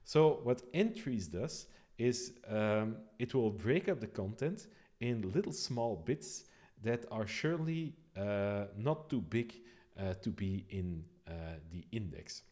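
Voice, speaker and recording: A man explaining his code on a live stream, thinking aloud with frequent pauses and restarts. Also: fairly low pitch, expressive, mellow. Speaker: developer streaming a code walkthrough.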